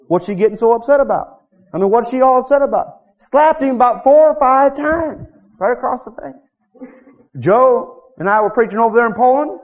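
Man, preacher, sermon, animated storytelling, high voice, muffled recording.

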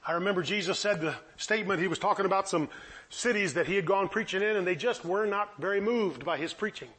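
Male preacher, very high voice, impassioned sermon, pleading questions. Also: fast, a bit bright.

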